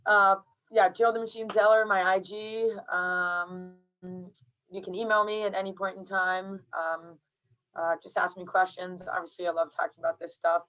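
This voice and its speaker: A woman, a strength coach, chatting casually as a podcast guest; laid-back, laughing often and filling pauses with "um" and "uh". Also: medium pitch, level tone, a bit bright, rough recording.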